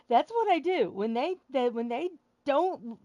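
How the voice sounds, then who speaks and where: A woman's voice: high-pitched, animated, unhurried, warm tone, no echo. A woman hosting a wrestling show stream, chatting casually with her audience in a rambling way and laughing at her own jokes.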